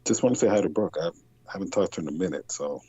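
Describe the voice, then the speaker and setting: A young man calling into a talk show, speaking hushed and hesitant with many ums. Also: low-pitched, animated, rapid-fire, slightly rough, dry recording, dull audio. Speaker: caller guest. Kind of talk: casual call-in chat.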